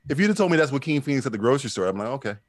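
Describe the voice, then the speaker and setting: A man co-hosting a casual podcast, loud, joking and swearing as he talks. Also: mid-range voice, sing-song, racing, dry recording, clean studio sound. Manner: loud, swearing, laughing a lot. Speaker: podcast co-host. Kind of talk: casual banter.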